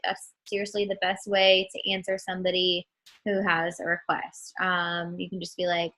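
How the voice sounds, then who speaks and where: A woman leading a casual training call for new models, talking in a slow and chatty way with many ums and calling her listeners guys. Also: mid-range voice, fairly even intonation, fairly bright tone, rough recording.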